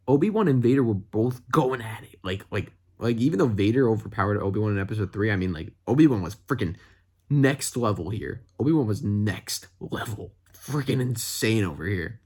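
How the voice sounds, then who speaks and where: A man reviewing a TV episode in a casual vlog, excitable and rambling, with lots of "like" fillers. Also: on the low side, moderate pace, breathy edge. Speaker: fan reviewer.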